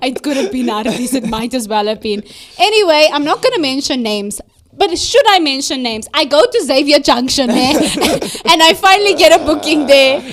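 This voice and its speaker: A young South African woman, a podcast co-host, chatting casually and telling a lively story with acted-out quotes. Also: sits high, moderate pace. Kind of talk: casual chat.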